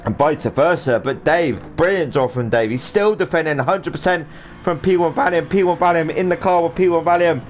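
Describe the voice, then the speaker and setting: Man, high voice, rambling jokey race commentary, faint game hum behind. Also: fairly quick. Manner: rambling, jokey, does silly voices for drivers. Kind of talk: excited live sim-racing commentary.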